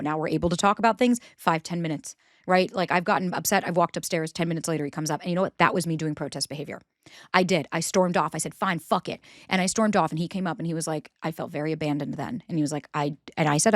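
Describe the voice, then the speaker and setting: A woman hosting a podcast, talking through relationship advice in a casual, animated way and acting out quoted voices. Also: fairly low pitch, no echo, studio quality. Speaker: podcast host.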